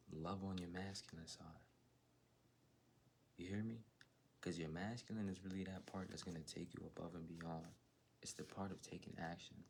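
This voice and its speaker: Low gravelly guy doing a chill tarot reading for chat, slangy, kinda whispery sometimes. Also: a little hiss or hum. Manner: laid-back slangy talk, drifting into soft whispered asides. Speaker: tarot reader.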